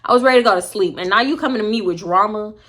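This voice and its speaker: A young woman with a Houston, Texas accent telling a story to camera, blunt and animated, swearing freely and acting out what people said. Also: medium pitch, very fast. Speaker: storytime vlogger.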